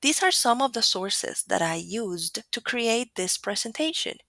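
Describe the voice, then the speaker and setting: Spanish-native woman teaching phonetics, slow and careful, dry close sound. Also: a little high, sing-song, gravelly, bright, forceful tone, no room sound. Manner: slow, deliberate explanation with demonstrated sounds. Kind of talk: recorded phonetics lecture.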